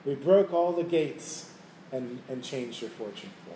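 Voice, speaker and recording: A man voicing a wise elderly Hasidic Rebbe who calmly explains, in a roomy room with faint ambience. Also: mid-range voice, unhurried, a little hiss or hum, close to an everyday voice. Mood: explaining. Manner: calm explaining.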